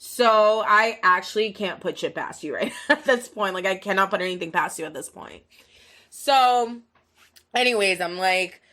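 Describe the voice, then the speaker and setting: This podcast host, a woman in her twenties, speaks at a moderate pace with a medium-pitched, pushed and bright voice. Her long story comes out as a rambling, profane monologue packed with fillers.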